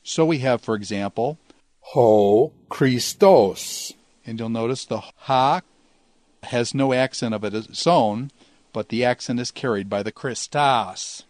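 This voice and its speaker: A man explains Greek grammar in a steady, methodical teaching voice. He slows down to sound out each Greek example. The recording is dry and close, with no room echo. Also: mid-range voice. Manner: measured, explanatory, slows to pronounce Greek words.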